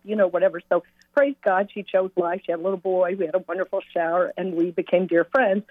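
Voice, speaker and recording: A woman who runs a pregnancy help ministry, telling stories on a call-in radio show and acting out the quoted voices with bright energy. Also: mid-range voice, fast talker, no room sound. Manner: animated storyteller, voices quoted speech brightly. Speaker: pregnancy center director. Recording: dry tinny phone line.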